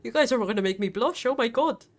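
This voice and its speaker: Woman, gaming streamer, high voice, bouncy intonation, nervous, chatty, swears often. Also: animated, quick pace. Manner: chatty, swears a lot, talks to game characters. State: nervous and scared. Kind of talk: live gameplay commentary.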